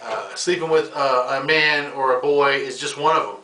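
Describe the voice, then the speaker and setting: A man's voice: mid-range voice, moderate pace, sharp tone. A male comedian host from the United States, rambling through a casual comedic monologue and calling the listener "bro". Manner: rambling, ranting, slangy with "bro". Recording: echoey room, mic at a distance.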